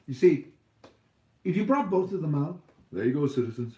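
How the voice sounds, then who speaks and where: A man's voice: fairly high pitch, very animated, normal speed, warm tone, reverberant. A man hosting a casual livestream Q&A, rambling and joking with frequent laughs. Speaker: livestream host.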